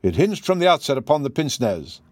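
A man reading the lines of a keen, methodical detective, measured and explaining. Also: on the high side, very animated, no echo, clean studio sound, voice pushed up. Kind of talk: audiobook dialogue reading.

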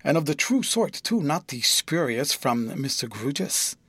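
A man narrating an audiobook in a measured, expressive storytelling manner. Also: on the high side, breathy edge, no echo.

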